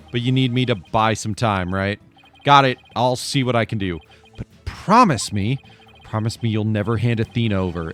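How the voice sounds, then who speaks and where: A man's voice: medium pitch, pitched below the performer's own voice, lightly acted. A man voicing an earnest male defense lawyer, pleading and determined.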